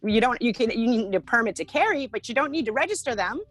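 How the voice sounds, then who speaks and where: A woman's voice: on the high side, expressive, fast, fairly bright tone, poor audio. A woman being interviewed, recounting a personal ordeal in an earnest way, with frequent fillers. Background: music.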